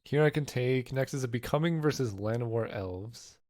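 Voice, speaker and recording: A card game content creator thinks aloud while drafting, rambling loosely and pausing to weigh each option. His hoarse, half-gone voice sits at an ordinary pitch, moving at normal speed in a casual, conversational way.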